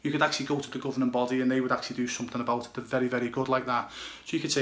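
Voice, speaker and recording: A man's voice: mid-range voice, little pitch movement, rapid-fire, fairly bright tone, reverberant. A blunt, emphatic man with a British accent, a goalkeeper coach giving direct advice and often checking "okay, yeah?". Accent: British English.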